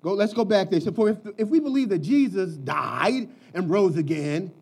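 A man preaching a sermon, dropping into quiet asides and then rising to shouted lines. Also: sits high, expressive, normal speed, vocal fry, husky, poor audio. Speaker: pastor.

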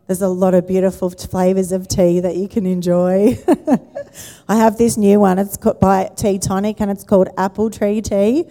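Woman pastor, chatty sermon voice, mellow tone, long church-hall reverb. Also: mid-range voice, little pitch movement, normal speed. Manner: warm conversational preaching with questions to the congregation. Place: church auditorium.

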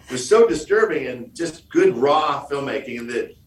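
A man's voice: mid-range voice, lively intonation, normal speed, roomy sound, far from the mic, a little hiss or hum, low-quality recording. A man from Michigan, a guest on a podcast interview, telling stories in a jokey way and acting out the lines he quotes. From Michigan, USA.

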